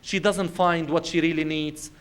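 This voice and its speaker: Male Islamic lecturer with a high voice. Conversational storyteller who addresses the audience directly. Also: fairly even intonation, normal speed, a bit bright, clean tone. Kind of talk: lecture to a congregation.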